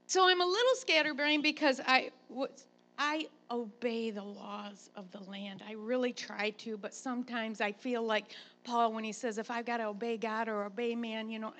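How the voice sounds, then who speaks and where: A woman pastor, a grandmother, preaching a sermon and telling a chatty, animated personal story. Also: on the high side.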